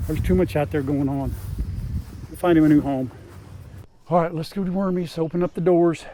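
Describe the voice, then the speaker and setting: A man's voice: on the high side, fairly even intonation, normal speed, pauses often, mellow, slight background noise, rough recording. An older man chatting casually outdoors on his farm, talking to his dogs and to the camera as he goes. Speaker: farm vlogger.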